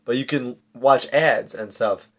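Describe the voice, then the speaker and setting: A man's voice: mid-range voice, a little slow. Young guy podcasting, rambly and sweary, laughs a lot, just chatting. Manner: rambling, profane, laughs often. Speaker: podcast co-host. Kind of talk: casual chat.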